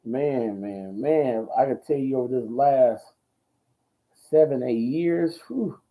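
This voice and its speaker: A man hosting a ministry talk show who preaches in a loud, bold, slangy way, repeating his phrases and answering viewer comments. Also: medium pitch, slow pace, low-quality recording.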